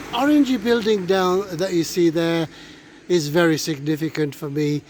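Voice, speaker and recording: Out of breath, a middle-aged man walks his viewers through local town streets, speaking hesitantly and leaning on lots of fillers. His voice is on the high side with a darkish tone, and faint street and traffic noise can be heard.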